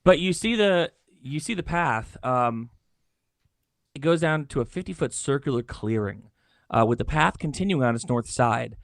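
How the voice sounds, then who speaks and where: Hoarse male game master, halting narration, mid-pitched, dry recording. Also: animated, no room sound. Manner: halting, many fillers and restarts. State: hoarse, losing his voice.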